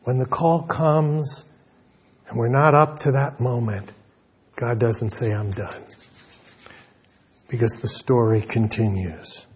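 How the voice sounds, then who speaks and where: A man's voice: mid-range voice, fairly even intonation, a little slow, slightly rough. A male pastor preaching a sermon in an earnest manner, often repeating words as he restarts a thought.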